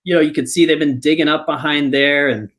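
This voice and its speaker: A man's voice: on the high side, fairly even intonation, brisk, a bit bright. A man hosts a live podcast and tells a story in a loose, chatty way. He circles back, restarts his sentences and leans on plenty of fillers as he goes. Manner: rambling, full of fillers and restarts. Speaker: podcast host. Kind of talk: casual storytelling. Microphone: podcast microphone, live online.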